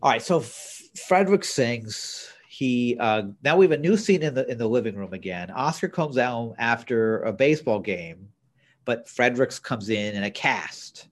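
A man's voice: medium pitch, expressive, moderate pace. A man co-hosting a podcast, recapping a TV episode in casual chat with blunt opinions. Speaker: podcast co-host.

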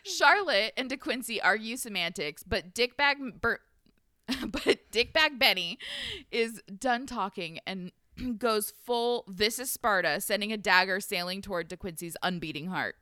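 Woman, podcast host, casual story recap, irreverent, laughs a lot, bright voice, dry close sound. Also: medium pitch, expressive, a little slow, no room sound. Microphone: own podcast mic.

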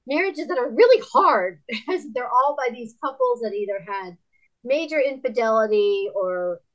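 A woman in her fifties, speaking as a podcast guest and telling frank stories from her family life. Her voice sits a little high, and she talks in a lively way, often breaking into laughter. When she quotes other people she jumps her voice up even higher. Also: moderate pace, lo-fi sound. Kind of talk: candid conversational storytelling.

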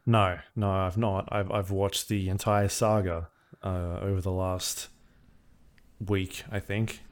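A man's voice: low-pitched, flat delivery, slow pace. A man co-hosting a podcast, answering in a laid-back, dry, understated way. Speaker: podcast co-host. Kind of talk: casual podcast banter.

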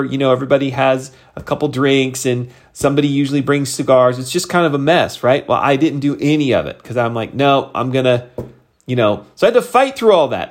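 A man telling a personal story in a casual, animated way, full of fillers. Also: fairly high pitch. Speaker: vlogger.

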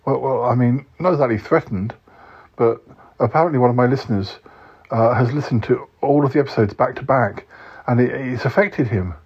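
A man's voice: mid-range voice, brisk, darkish tone, slightly rough. A man hosting a comic podcast skit, fretful and easily worried. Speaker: podcast host. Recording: dull lo-fi recording.

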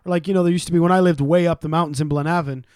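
A man's voice: on the high side, steady tone, a little mellow, no echo, studio quality. A man co-hosting a podcast, telling profane, sarcastic stories and mimicking the people in them. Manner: profane, sarcastic, quick storytelling with mimicked voices. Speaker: podcast co-host. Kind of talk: casual storytelling chat.

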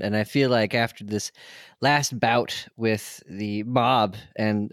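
A man's voice: on the low side, no room sound, clean studio sound. A man co-hosting a tabletop game podcast, rambling loosely about moving on to the next phase. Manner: giggly, rambling. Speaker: co-host and player. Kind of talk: casual podcast banter.

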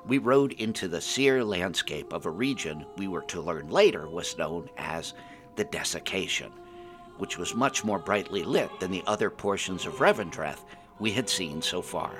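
A man narrating a fantasy adventure in the first person, reading it aloud expressively. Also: low voice. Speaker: storyteller.

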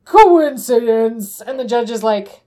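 A podcast host recaps a film in casual chat, animatedly retelling the story, acting out the characters' lines and swearing freely. She has a mid-range, darkish voice at normal speed.

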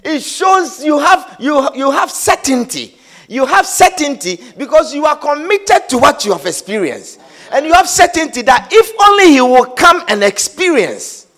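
A man's voice: extremely high pitch, sing-song, normal speed, a bit bright. A man preaching a sermon, repeating himself emphatically and asking his listeners whether they understand. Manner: repetitive, emphatic, asks the audience "do you understand?". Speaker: pastor.

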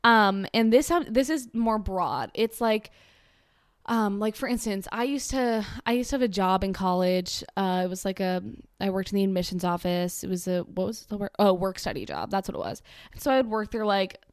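A woman's voice: mid-range voice, moderate pace, clean tone, no echo. Young woman ranting on a podcast, sarcastic and rambly, dry close sound. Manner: sarcastic, rambling, filler-heavy. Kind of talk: casual ranting monologue.

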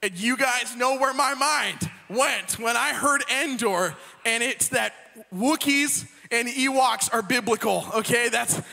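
High-voiced young man preaching casually. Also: unhurried, gravelly, hardly any pauses, pushed and bright. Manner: chatty, joking, frequent "right?" asides. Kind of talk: casual sermon storytelling. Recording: long hall reverb.

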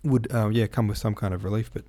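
A man's voice: fairly low pitch, fairly even intonation, fast, warm tone. A man hosting a casual solo podcast, talking in a rambling, hesitant way with many fillers and restarts. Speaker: podcast host and novelist.

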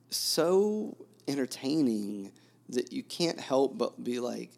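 A man's voice: medium pitch, expressive, slow, gravelly, a little mellow. A man who teaches, co-hosting a casual book discussion, rambling with many fillers and restarts. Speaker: teacher and podcast co-host.

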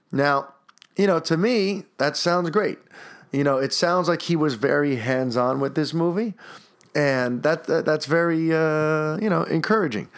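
A man's voice: a little high, a little slow, smooth. Stuffed-up man hosting a solo podcast. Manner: rambling, enthusiastic, many restarts and fillers. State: stuffed-up nose. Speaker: podcast host.

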